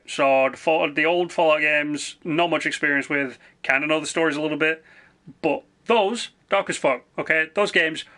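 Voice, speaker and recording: A man's voice: on the high side, sharp tone. A man streaming a video game, chatting casually and rambling with frequent swearing. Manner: rambling, swears freely, quick asides. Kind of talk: casual live-stream chat.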